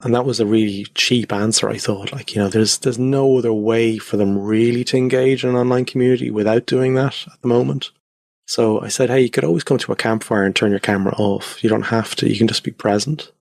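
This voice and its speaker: A man's voice: mid-range voice, fairly even intonation, a little fast, gravelly, darkish tone, no room sound, clean studio sound. A man guest talking loosely and reflectively with many fillers, from his converted attic at home. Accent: Irish. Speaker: podcast guest. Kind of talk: casual conversational interview.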